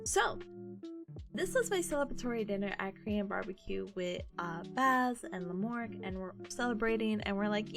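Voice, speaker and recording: A woman's voice: mid-range voice, normal speed, gravelly, over music. A woman in her twenties, a streamer, chatting casually and acting out the people in her story. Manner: animated, acts out quoted people.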